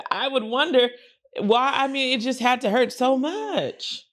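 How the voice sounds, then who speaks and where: A woman co-hosting a podcast, chatting casually, animated and quick to laugh. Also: high voice. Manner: animated and laughing, acts out exaggerated voices. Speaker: podcast co-host. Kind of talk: casual chat.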